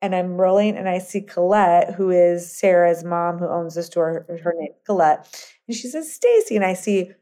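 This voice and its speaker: A middle-aged woman entrepreneur telling long stories in a casual interview, rambling and animated, full of fillers and restarts. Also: on the low side, moderate pace. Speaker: guest entrepreneur.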